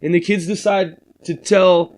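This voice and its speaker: A man's voice: sits high, level tone, a little slow, a little mellow. A middle-aged man casually explaining a screenplay in a rambling, profane way, acting out the voices of the characters he describes.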